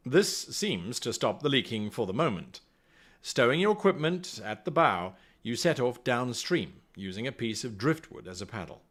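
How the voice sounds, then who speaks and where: A man's voice: medium pitch, very animated, normal speed, fairly bright tone. A man acting as game master, reading a solo gamebook aloud on a live stream and chatting with viewers. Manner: chatty, talks to the stream chat, reads passages aloud.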